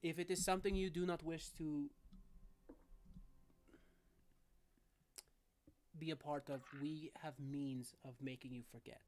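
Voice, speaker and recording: Woman doing a gentle old grandfather. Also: low voice, fast talker, a little hiss or hum. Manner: gentle, soft-spoken. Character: kindly old grandfatherly man with a cane.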